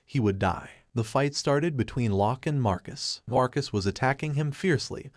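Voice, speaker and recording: A man in scripted narration, retelling a manga story in steady reported speech. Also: medium pitch, normal speed, dry recording, clean studio sound.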